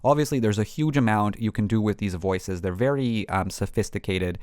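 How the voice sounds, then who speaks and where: Male tutorial host with a lowish voice, chatty and unscripted, full of fillers, dry close sound. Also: normal speed, a little mellow, dry recording. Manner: rambling, many ums and restarts. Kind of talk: casual screen-recorded tutorial.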